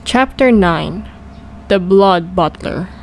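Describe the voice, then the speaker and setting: A woman reading a children's storybook aloud in a calm, steady way as narrator. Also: fairly low pitch, slow, slight background noise, poor audio. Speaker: audiobook reader.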